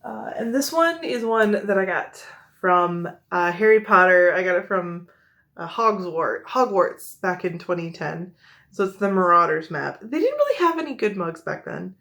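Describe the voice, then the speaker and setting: Very animated and speaking at normal speed, a young Midwestern woman chats through a casual show-and-tell of her mugs. Her lowish voice is a bit bright, and she rambles, filling gaps and correcting herself often.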